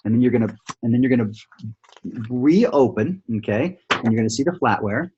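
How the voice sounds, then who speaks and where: A man's voice: medium pitch, lively intonation, a little fast, a little mellow, slightly rough, muffled recording. A man running a sales training over a shared screen, coaching in a casual way that keeps checking in with "right?" and "okay?". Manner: coaching, repeats "right?" and "okay?", thinks aloud with fillers.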